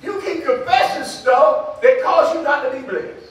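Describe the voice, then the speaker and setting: An older man preaching a sermon as pastor, in a folksy call-and-response way that breaks into shouts. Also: very high-pitched, animated, normal speed, faint music behind. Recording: echoey hall from far off.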